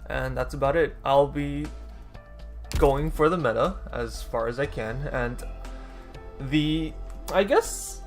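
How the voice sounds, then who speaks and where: A man's voice: mid-range voice, slow, pauses often, faint music behind. Man casually narrating his gameplay. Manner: rambling, self-correcting, dry sarcasm. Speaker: gaming YouTuber.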